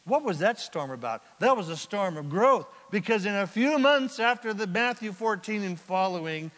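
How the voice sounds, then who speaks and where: Pastor guy preaching, high bright voice, goes big then drops to a hush, long hall echo. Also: animated, normal speed, few pauses. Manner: dramatic, swings from loud bursts to hushed asides. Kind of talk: sermon.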